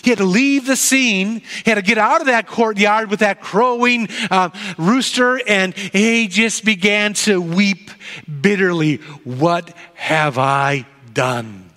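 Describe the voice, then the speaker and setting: A man preaching a sermon, telling the story dramatically and dropping to soft, low tones at key moments. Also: measured pace. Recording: echoey hall.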